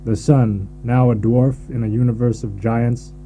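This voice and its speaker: A man's voice: mid-range voice, fairly even intonation, measured pace, creaky, dark tone, a little hiss or hum, low-quality recording. A man reading a poem aloud for an English course with grave emphasis. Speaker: poem reader. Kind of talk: dramatic poetry reading. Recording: hummy course-tape recording.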